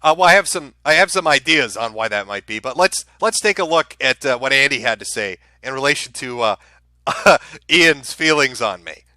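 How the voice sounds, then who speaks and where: A man's voice: medium pitch, lively intonation, moderate pace, sharp tone, no echo. A man hosting a live stream, giving casual commentary in a sarcastic, profane, ranting way. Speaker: streamer host.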